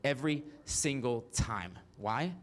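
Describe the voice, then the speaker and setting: Slow yet animated, a medium-pitched Mississippian in his 40s performs autobiographical stand-up by himself. His storytelling is frank and profane, dotted with asides to those watching.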